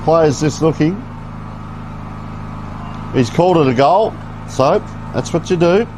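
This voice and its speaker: Male commentator, folksy live play-by-play, slightly high voice, faint outdoor noise behind. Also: expressive, slow pace. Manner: chatty, folksy play-by-play with asides. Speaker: sports commentator. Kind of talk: live local football commentary. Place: outdoor football ground.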